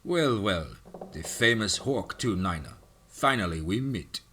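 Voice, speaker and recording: Man playing vengeful Russian thug, slow, mocking, deep voice. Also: lively intonation, sharp tone, a little hiss or hum. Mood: taunting. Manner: slow, taunting, gropes for English words. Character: vengeful Russian male gang boss, taunting.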